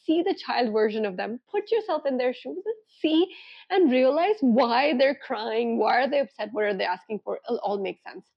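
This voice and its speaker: A woman's voice: fairly high pitch, animated, moderate pace, gravelly, husky, highs cut off. A young woman, a relationship coach, giving earnest, emphatic advice to camera and acting out the thoughts she quotes. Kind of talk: direct-to-camera advice vlog.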